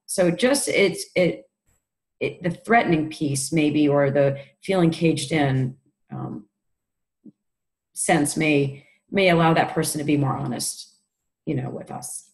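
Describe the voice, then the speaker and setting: Low-voiced woman on a group call, stops and restarts a lot, hunting for words. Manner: halting, searching for words. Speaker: participant on a coaching call. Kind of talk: casual discussion.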